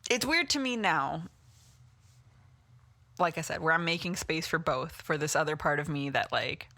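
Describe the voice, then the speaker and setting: A woman with a bright, slightly low voice co-hosts a casual podcast. She talks in a chatty way, laughs often and leans on fillers. The sound is dry and close. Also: animated, normal speed, no room sound. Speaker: podcast co-host.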